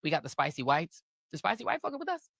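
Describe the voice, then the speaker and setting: A woman's voice: low-pitched, big pitch swings, fast talker, gravelly, fairly bright tone, dry recording, clean studio sound. A woman on a talk show giving an impassioned monologue, fiery and rhetorical, hammering home repeated phrases and slipping into mocking voices.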